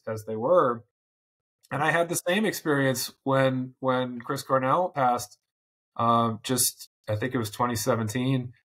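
A man's voice: mid-range voice, fairly bright tone. Earnest man reflecting in conversation. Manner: thoughtful, earnest, many restarts. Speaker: podcast guest. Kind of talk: reflective interview talk.

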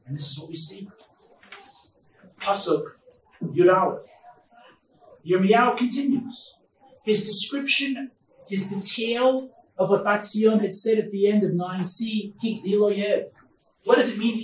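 A man teaching a Bible study class as rabbi, reading verses slowly and then explaining them with emphatic stresses. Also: high voice. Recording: echoey room, mic far off, faint noise.

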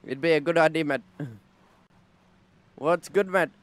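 A man's voice: fairly high pitch, a little slow, no room sound. A man roleplaying a character in an online game, brashly taunting another player and ending nearly every line with "mate". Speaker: streamer playing a roleplay character.

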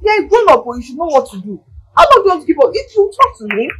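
An actress with a Nigerian accent playing an outspoken young woman who pushes her friend and talks loudly and excitably. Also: extremely high pitch, rapid-fire, full character voice. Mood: urgent. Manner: loud, excitable, pushy. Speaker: friend and flatmate.

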